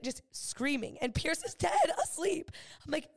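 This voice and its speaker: A woman in her twenties co-hosting a podcast, telling a rambling story in casual chat and acting out what people said. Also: high-pitched. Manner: animated, acts out quoted voices, fast rambling. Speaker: podcast co-host.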